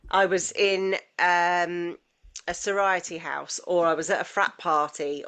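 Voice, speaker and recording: Woman, podcast co-host, earnest chat, lowish voice. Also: a bit bright. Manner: earnest, frequent restarts and quoted asides. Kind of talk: casual conversational chat.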